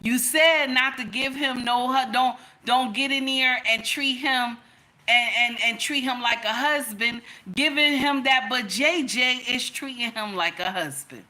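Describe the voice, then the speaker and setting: A woman's voice: fairly high pitch, bright, forceful tone. A woman hosting a reaction video, giving casual commentary in an emphatic, preachy way that repeats phrases for effect.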